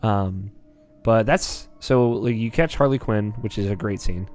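A man's voice: on the low side, unhurried, a little mellow, faint music behind. A young man hosting a casual podcast from his basement, rambling and chuckling as he talks about a video game. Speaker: podcast host. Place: home basement.

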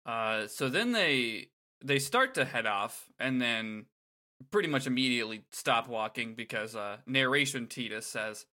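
A man co-hosting a casual chat. He makes dry, wry quips between plain stretches of talk. His voice has a very bright, forward tone. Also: mid-range voice, animated, measured pace. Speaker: podcast co-host.

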